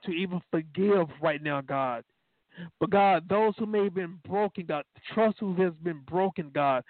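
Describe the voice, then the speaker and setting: A man preaching and praying, with a high, gravelly voice. The sound is dry and tinny, as if it came over a phone line. He keeps calling out to God as a refrain. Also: dry recording. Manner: folksy storytelling with fillers. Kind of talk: sermon and prayer.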